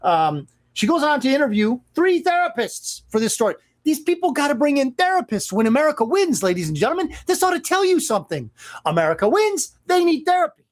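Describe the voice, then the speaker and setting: Sarcastic, animated radio talk host. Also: high voice, a little fast. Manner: sarcastic, emphatic, mocking asides. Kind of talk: opinionated radio monologue.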